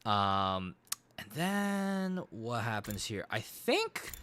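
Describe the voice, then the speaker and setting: A man giving a casual recap of a game he played, an animated storyteller who swears freely. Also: on the low side, drawn-out words, clean tone, no room sound. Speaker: gaming streamer.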